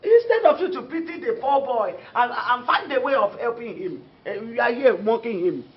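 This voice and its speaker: A worried middle-aged Nigerian mother, low swooping voice, dull audio, faint music. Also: lively intonation, moderate pace, slightly rough. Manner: soothing then scolding her husband. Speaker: mother and wife. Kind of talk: Nollywood film drama.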